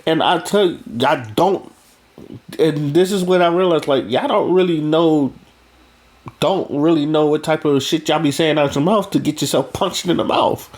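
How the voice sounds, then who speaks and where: A man's voice: a little high, normal speed, darkish tone. Blunt, rambling man in a casual monologue. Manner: blunt and profane, rambling with restarts. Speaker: vlogger.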